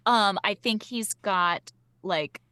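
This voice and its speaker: A woman plays at a tabletop game table and talks slowly and thoughtfully, musing and restarting her sentences. The sound is dry and close. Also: mid-range voice, pushed and bright, clear, resonant tone, no room sound. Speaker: player.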